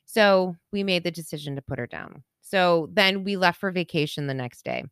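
Woman podcast co-host, animated candid storyteller, close dry mic. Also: lowish voice, normal speed, clean tone, dry recording. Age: adult with children. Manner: candid, animated storyteller, acts out quotes, laughs through sad parts. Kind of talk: casual storytelling chat.

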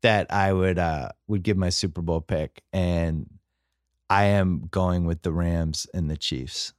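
In a dry studio recording, a man with a low, steady voice speaks slowly as he hosts a podcast. He chats casually about football, wry and rambling, constantly cutting himself off to start sentences over.

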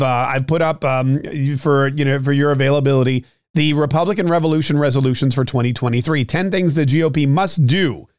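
A man's voice: fairly high pitch, dry recording, clean studio sound. Opinionated man hosting a solo political show. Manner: opinionated, talks straight to listeners with frequent fillers and restarts. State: clearing his throat, slightly choked up. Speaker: political podcast host.

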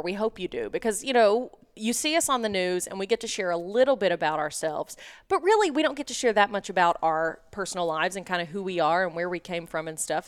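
A woman's voice: medium pitch, clean tone. A young woman from Tennessee who works in local TV news, co-hosting a podcast in a chatty, storytelling way. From Tennessee, USA. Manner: chatty, lively storytelling with laughs. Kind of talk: casual chat.

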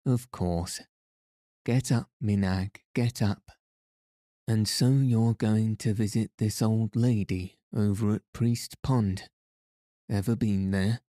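A man's voice: on the low side, steady tone, slow, warm tone, dry recording, clean studio sound. A man voicing a jovial, teasing old Irish peddler with a folksy brogue while reading a storybook aloud.

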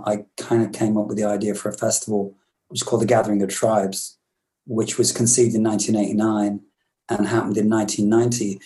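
A British man in his fifties with a low, mellow voice recounts stories as an interview guest. He rambles and restarts, reflective rather than polished. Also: rough recording. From Britain. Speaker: musician guest. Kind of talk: storytelling interview.

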